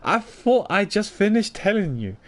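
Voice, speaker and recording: A man's voice: sits high, very animated, moderate pace, slight background noise, pitched above the performer's own voice. A man voicing a stern young male prosecutor who speaks in a stiff, formal and cutting way.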